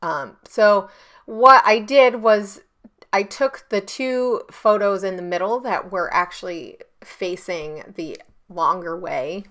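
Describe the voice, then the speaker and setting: Bright, chatty woman crafter. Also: mid-range voice, slow pace. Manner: chatty, rambling, with frequent ums and self-corrections. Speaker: scrapbooking YouTuber. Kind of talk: casual crafting tutorial. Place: home craft desk. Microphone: camera on a stand on her desk.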